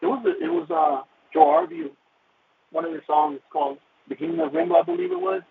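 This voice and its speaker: A man telling an emotional personal testimony in a halting way, restarting and repeating his words. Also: very high voice, huge pitch swings, gravelly. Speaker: caller sharing a personal testimony. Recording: tinny phone-like line with faint hiss.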